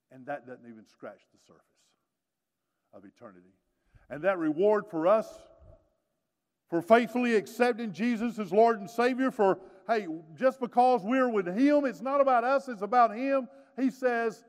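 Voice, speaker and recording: A man in his sixties preaching a sermon, swinging from hushed lows to loud emphatic peaks, with folksy joking asides. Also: animated, moderate pace. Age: 60s. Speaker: pastor. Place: church sanctuary. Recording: long reverb of a church hall.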